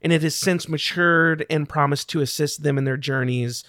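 A man's voice: a little high, steady tone, normal speed, fairly bright tone, no room sound. Man as game master, easygoing narration with fillers, dry mic. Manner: loose, laughing, with fillers.

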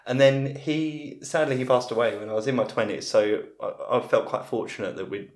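A man's voice: mid-range voice, fairly even intonation, normal speed, a little mellow. Rambling man in his forties. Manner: rambling, self-interrupting storyteller. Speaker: guest. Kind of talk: casual storytelling in a podcast interview. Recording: roomy podcast recording.

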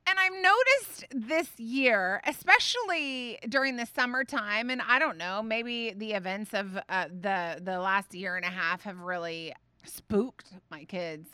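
A woman, hosting a faith podcast and telling a family story in a chatty, animated way full of fillers. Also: medium pitch, unhurried, clear, resonant tone, dry recording. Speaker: podcast host.

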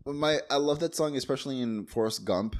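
A man's voice: medium pitch, fairly quick. A man co-hosting a casual movie recap, talking animatedly, laughing often and acting out quotes. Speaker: podcast co-host.

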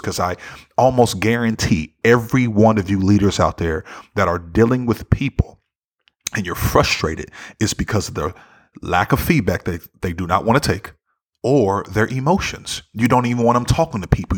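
A man's voice: on the low side, fairly bright tone, slightly rough. A man giving an earnest, conversational talk on leadership, often checking in with "right?". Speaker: speaker on leadership. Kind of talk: motivational talk.

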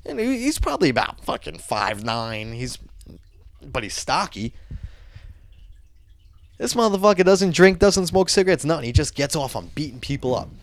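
A man's voice: a little high, big pitch swings, normal speed, pauses often, no room sound. Profane New man telling a story. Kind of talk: casual chat.

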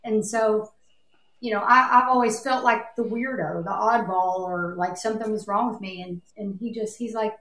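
A woman's voice: mid-range voice, normal speed, fairly bright tone. A woman chatting casually on a podcast, rambling and heartfelt as she tells a personal story. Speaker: podcast guest. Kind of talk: casual chat. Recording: echoey room.

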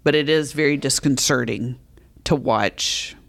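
A woman author who is a guest on a faith podcast, telling her own story in a candid, calm way. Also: very deep voice, unhurried, vocal fry.

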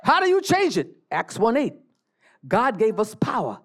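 A preacher delivering a fiery church sermon, repeating phrases, calling for the congregation to answer, and bursting into shouts. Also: mid-range voice, wildly swooping pitch, normal speed.

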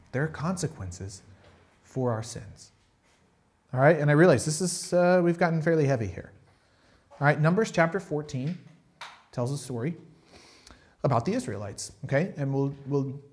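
A man preaching a sermon in a conversational way, acting out the people he quotes. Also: on the high side. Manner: conversational, animated, acts out quotes. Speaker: pastor.

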